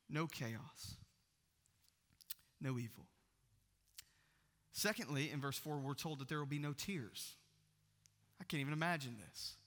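A man, preaching a sermon in a church and swinging from loud proclaiming to hushed near-whispers. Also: high voice, long reverb tail. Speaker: pastor.

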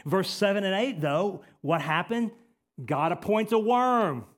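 A male pastor delivering a sermon in a fairly high-pitched voice. He hammers home his points by repeating phrases. He drops from loud, forceful emphasis to quiet, earnest asides. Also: lively intonation, unhurried. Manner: emphatic preaching, swinging from loud to hushed.

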